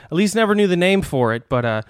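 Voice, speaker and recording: A man's voice: high-pitched, big pitch swings, fast, clean tone, dry recording, studio quality. Rambling man riffing as a joke doctor. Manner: rambling, laughing, with frequent restarts. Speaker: comedy podcast host. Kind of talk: comedic bit, reading a fake doctor's diagnoses.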